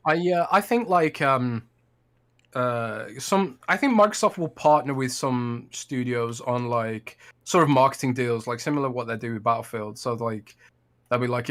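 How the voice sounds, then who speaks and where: A man's voice: mid-range voice, normal speed, fairly bright tone. A man co-hosting a casual gaming podcast, thinking aloud with hedges and trailing off with "blah, blah". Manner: thoughtful, hedging, trails off with "blah, blah". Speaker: podcast co-host.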